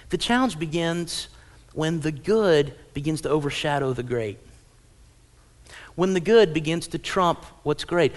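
A middle-aged male pastor preaching in a church, casual and conversational, telling stories with lively acted-out quotes. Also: fairly high pitch. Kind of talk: sermon. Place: church auditorium.

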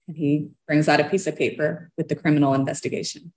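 A woman's voice: deep voice, fairly even intonation, quick pace, darkish tone. Earnest woman retelling her story. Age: adult parent of young children. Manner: earnest, with a nervous laugh. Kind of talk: personal storytelling.

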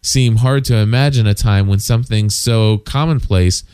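A man's voice: fairly low pitch, moderate pace, darkish tone, clear, resonant tone, no room sound, clean studio sound. A man co-hosting a casual podcast, reading listener feedback aloud with many fillers and side comments. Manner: reads listener mail aloud with frequent fillers and asides.

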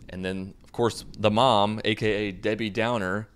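A man's voice: on the low side, steady tone, normal speed, clear, resonant tone. A young man casually recapping a movie in a sarcastic, mocking way. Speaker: movie reviewer.

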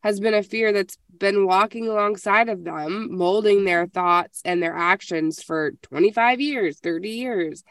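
A woman host asks her guest questions in a loose, chatty way. Her voice sits at a middle pitch. The recording sounds dry and close. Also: unhurried, hardly any pauses, fairly bright tone, dry recording. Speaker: podcast host. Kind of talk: podcast interview.

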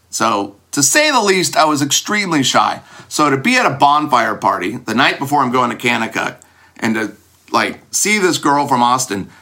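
A man with a bright, forceful voice recounts an embarrassing story about himself. He talks in an animated, self-mocking way and leaps far up in pitch whenever he acts out a line. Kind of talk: personal anecdote told to an audience.

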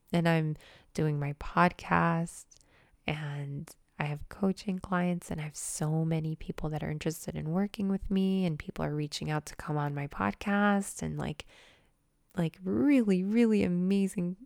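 A young woman chatting excitedly in a casual vlog, gushing and swearing casually as a manifestation coach. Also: lowish voice, a little slow, creaky, dry recording, studio quality. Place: new apartment.

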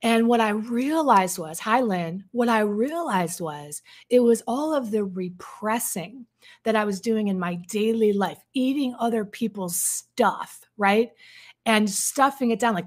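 A woman's voice: mid-range voice, animated, a little slow. A woman, a relationship coach, telling a personal story to her viewers in a casual, vivid way, with plenty of fillers and some swearing. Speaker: codependency coach.

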